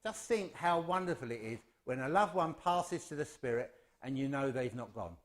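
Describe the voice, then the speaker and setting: A man's voice: medium pitch, lively intonation, moderate pace. An English man giving a chatty, self-deprecating, humorous address at a spiritualist service. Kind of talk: informal humorous address to a congregation.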